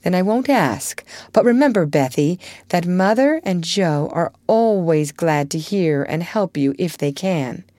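A woman reading aloud, voicing a spirited, blunt young woman who scolds briskly and comforts softly. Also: fairly low pitch, lively intonation, no echo. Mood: tender.

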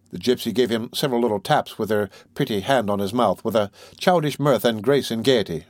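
Guy reading an old novel out loud, measured and expressive, dry close sound. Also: medium pitch, no room sound. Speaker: audiobook narrator. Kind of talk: classic novel read aloud.

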